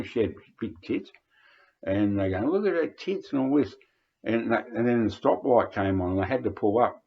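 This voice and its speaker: An older Australian man telling rambling anecdotes, hesitant, with many fillers and restarts. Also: on the low side. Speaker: vlogger reminiscing. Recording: dull lo-fi recording.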